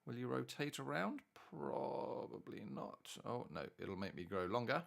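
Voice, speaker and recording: Lively, gravelly-voiced male maths tutor. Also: medium pitch, a little fast. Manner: chatty, thinks aloud while working problems. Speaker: maths teacher. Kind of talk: worked-solution maths tutorial.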